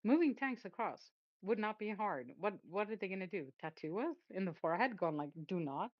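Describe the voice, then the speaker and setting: A woman's voice: medium pitch, animated, fairly quick, no echo, muffled recording. Woman, mocking and giggly. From Sweden. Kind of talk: casual geopolitical chat.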